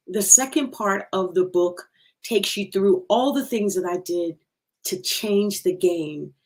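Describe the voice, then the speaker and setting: A middle-aged woman speaks slowly and from the heart in an emotional personal testimony. She leans on repeated phrases for emphasis, and her voice breaks now and then. Her pitch sits in an ordinary middle range. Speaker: livestream host sharing her story.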